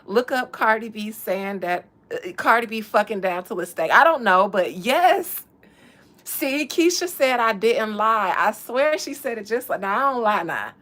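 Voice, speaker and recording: A woman's voice: fairly high pitch, lively intonation, a little slow, a bit bright. A woman hosting a podcast, chatting in a casual, profane, comedic way and laughing often. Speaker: podcast host.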